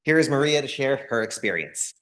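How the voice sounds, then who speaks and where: Man, ceremony presenter, mid-pitched voice, reads graduate introductions, light joking asides. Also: animated, fairly quick, a bit bright. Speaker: program staff presenting graduates.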